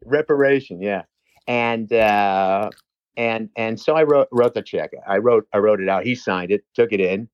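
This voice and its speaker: Rambling male storyteller, low voice. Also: measured pace, clear, resonant tone, no echo, dull audio. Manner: rambling, with many restarts and "you know"s. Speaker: personal trainer. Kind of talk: casual storytelling.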